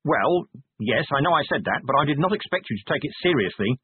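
A man doing Vimes, a weary gruff watch commander. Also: on the high side, animated, a little fast, dry recording, pitched above the performer's own voice. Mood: blunt. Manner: dry, blunt, tired. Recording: narrow phone-like dry sound.

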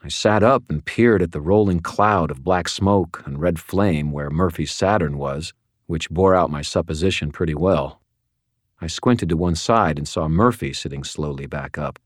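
A man reading a first-person audiobook in a steady, measured, wry way. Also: a bass voice, dry recording, studio quality. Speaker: audiobook narrator.

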